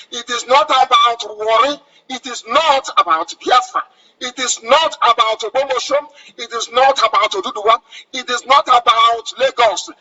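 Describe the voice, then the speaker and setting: Fervent Nigerian man, high and husky. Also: sharp tone, lo-fi sound. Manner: fervent, commanding, repeats phrases for emphasis. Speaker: radio broadcaster. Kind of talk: impassioned radio address.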